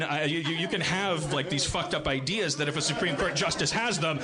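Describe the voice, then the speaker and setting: A man in his forties hosting a live comedy podcast, rambling through a monologue with frequent restarts and shrill mocking impressions. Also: lively intonation, normal speed, pushed and bright. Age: 40s. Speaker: podcast host. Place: live venue stage.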